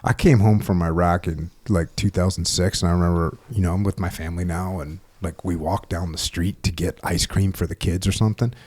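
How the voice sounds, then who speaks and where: A middle-aged man with a very low voice hosts a podcast conversation. He talks in a reflective, casual manner, often laughing at his own points. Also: steady tone, fairly quick, hardly any pauses, a little mellow, breathy edge. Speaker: podcast host, former military.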